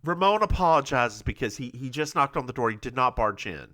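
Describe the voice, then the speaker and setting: Bright, lively man recapping a show. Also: mid-range voice, brisk, no room sound. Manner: animated, playful, stumbles and repeats himself. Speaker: podcast co-host. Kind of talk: casual chat recapping a TV episode.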